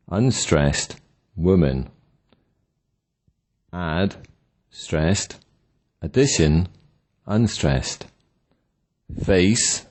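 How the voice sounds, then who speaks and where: A man narrating a scripted pronunciation lesson, slowly and deliberately sounding out example words. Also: deep voice, darkish tone. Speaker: pronunciation teacher.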